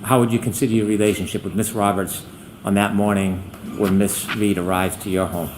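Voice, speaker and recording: A man, a trial attorney, questioning a witness in court in a measured, methodical way. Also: on the low side, level tone, slight background noise, low-quality recording.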